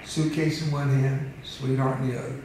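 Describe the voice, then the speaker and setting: An American motivational speaker in his seventies tells stories to an audience in a large hall, mixing humor and emotion and laughing often. His medium-pitched voice stays fairly flat at a normal speed. The recording is noisy, echoey and distant.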